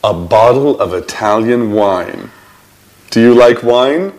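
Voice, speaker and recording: An actor with an American accent playing a friendly young man, the new flatmate, in a language-course drama, speaking slowly and clearly. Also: medium pitch. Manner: slow, clearly enunciated lines. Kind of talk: scripted drama dialogue for learners.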